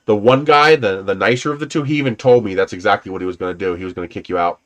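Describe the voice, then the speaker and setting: A man's voice: lowish voice, racing, dull audio. A man casually rambling through personal stories on a livestream, laughing often and swearing now and then. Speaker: livestream host.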